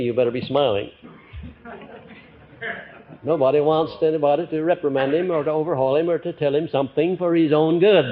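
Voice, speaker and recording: An older man giving a live motivational lecture to an audience, animated, swinging between loud emphatic lines and quiet ones, with frequent fillers. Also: a little high. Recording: muffled 1950s lecture recording.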